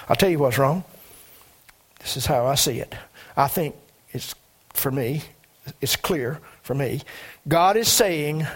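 A man preaching a sermon as a pastor, emphatic, with sudden rises in pitch. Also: animated, measured pace, pauses often, fairly bright tone.

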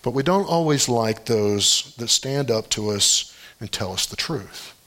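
A man preaching a sermon as pastor, in a conversational storytelling way, often pushing his voice up high to stress a point. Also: animated, unhurried, sharp tone.

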